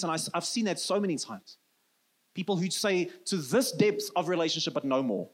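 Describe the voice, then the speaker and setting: A South African man in his thirties preaches with an earnest, personal warmth. His voice sits noticeably high for a man, and his first language is Afrikaans. He often sinks into a soft, low tone to drive a point home. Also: expressive, normal speed. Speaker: pastor. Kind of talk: sermon.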